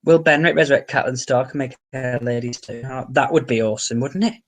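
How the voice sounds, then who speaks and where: A man's voice: medium pitch, quick pace. A man livestreaming, casually reading viewer comments and answering questions in an offhand, chatty way.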